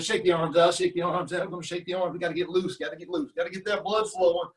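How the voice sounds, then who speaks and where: A man's voice: high voice, little pitch movement, fast, few pauses. A man coaching a youth golf class over video, talking kids through a lesson and counting out exercises as he does them. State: out of breath during burpees. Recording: voice a little distant from the mic.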